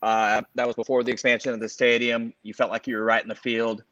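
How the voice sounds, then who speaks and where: A man's voice: medium pitch, flat delivery, fast, a bit bright, no room sound. A man in his forties from the Los Angeles area rambles through casual sports chat and keeps correcting himself. He sounds dull and lo-fi. The sound is dry and close. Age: 40s. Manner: rambling, self-correcting, fond of fillers. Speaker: podcast co-host.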